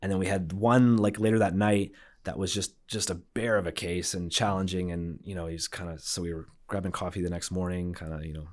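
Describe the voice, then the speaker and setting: A man's voice: low voice, steady tone, fairly quick, darkish tone. A man, a radiologist guest, telling stories in a casual podcast chat with lots of fillers and restarts. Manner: chatty storyteller, many fillers and restarts.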